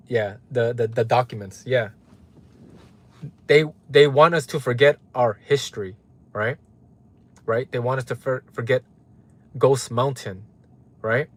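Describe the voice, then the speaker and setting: A man from Los Angeles hosting a live stream, ranting heatedly and often profanely to his chat and reading out viewers' names. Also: mid-range voice. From Los Angeles, United States. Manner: heated, profane, repeats "right?" for emphasis. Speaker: livestream host.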